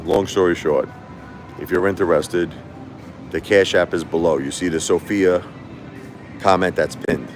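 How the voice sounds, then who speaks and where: A man hosting a casual livestream, telling a long story in a rambling, repetitive way. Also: low voice. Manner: rambling, repetitive, animated when quoting others. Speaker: livestream host.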